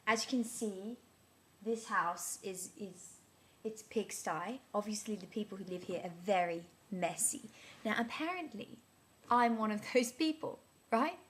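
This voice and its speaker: A woman's voice: medium pitch, unhurried, close to an everyday voice. A woman, playing a flustered amnesiac in a scripted character vlog, who rambles with many restarts. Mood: rambling, bewildered. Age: 30s. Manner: rambling, breathless, many restarts and filler words. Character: flustered woman in her thirties with amnesia, chatty and bewildered.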